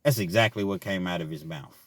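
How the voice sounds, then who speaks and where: A middle-aged man casually telling a personal story, laughing often and swinging between loud bursts and quiet asides. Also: low voice, fairly quick, dry recording, clean studio sound. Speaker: storyteller vlogger.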